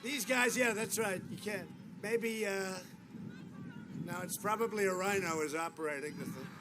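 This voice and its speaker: Boastful man speaking loud at outdoor rally. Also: sits high, normal speed, crowd noise. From United States. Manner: boastful, repetitive, rambling asides. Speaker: political candidate. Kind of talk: campaign rally speech. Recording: noisy outdoor rally feed.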